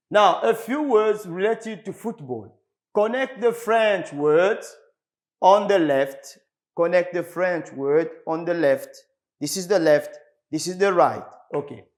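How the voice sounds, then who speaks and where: Slow, lively-pitched man teaching a class. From Republic of the Congo. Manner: slow, repetitive, drilling words for the class. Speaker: English teacher. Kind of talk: televised classroom lesson.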